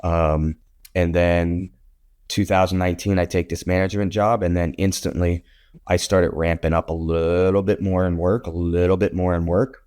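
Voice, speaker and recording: A man in his thirties, a guest on an interview show, telling his story in a blunt, animated way and swearing now and then. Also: low voice, normal speed, clear, resonant tone. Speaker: podcast guest, real estate photographer.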